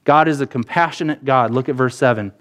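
Smooth-voiced man preaching a sermon. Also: medium pitch, brisk, a bit bright. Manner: earnest, conversational preaching with repeated phrases; voices imagined speakers in quotes. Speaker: pastor.

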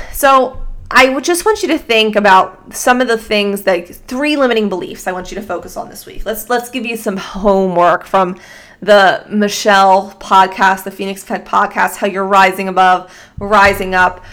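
A woman hosting a solo motivational podcast, talking into a microphone with energetic, casual pep-talk delivery, swearing freely and slightly out of breath. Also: mid-range voice. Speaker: podcast host and fitness coach. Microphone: studio microphone.

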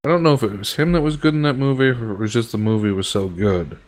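A man's voice: mid-range voice, fast talker. A man chatting on a podcast as co-host, giving dry short replies and hesitating with many ums. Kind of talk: casual chat.

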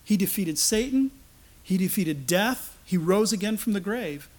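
A man preaching a sermon, animated, acting out the voices of the people he quotes. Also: sits high, a little slow.

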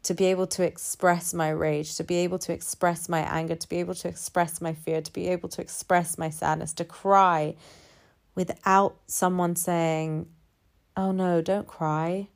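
Low-voiced woman, calm and measured. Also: creaky. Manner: calm, measured, builds repeated phrases in lists. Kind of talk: reflective personal monologue.

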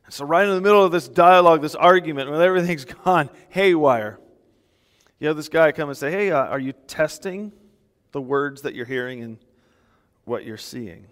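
Guy pastor preaching, lively and emphatic, kinda high voice, big reverby hall sound. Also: moderate pace, pauses often. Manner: animated, emphatic, laughs between points. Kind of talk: sermon.

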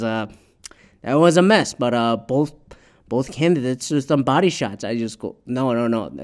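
A man in a loose, profane rant, his voice a middle pitch for a man. He talks with animated energy and slips into other voices when he quotes people. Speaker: commentator. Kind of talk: casual political rant.

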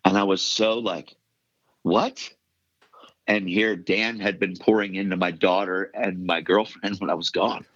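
A man's voice: deep voice, little pitch movement, moderate pace, a bit bright, dry recording, lo-fi sound. A middle-aged man, a podcast guest, earnestly telling his life story and repeating phrases for emphasis. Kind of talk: testimony storytelling.

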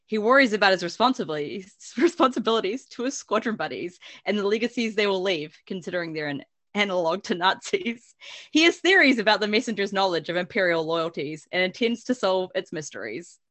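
Woman, podcast host, animated pitch, giggly, casual recap. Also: brisk. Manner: giggly, lively, swears casually. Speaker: podcast host summarizing a book. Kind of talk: casual chat, recapping chapters.

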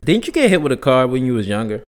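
Lively-pitched joking co-host. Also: fast talker. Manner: blunt, joking, profane. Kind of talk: casual chat.

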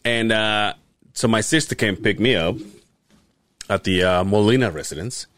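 A middle-aged man hosting a podcast who tells a long story in a casual, animated way, swearing often and laughing as he goes. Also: on the low side, moderate pace, dry recording. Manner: animated, profane, laughs while telling stories. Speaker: podcast host.

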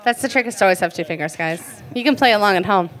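A woman's voice: medium pitch, lively intonation, very fast, background noise. A woman hosting a live comedy show, sarcastic and teasing. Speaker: show host.

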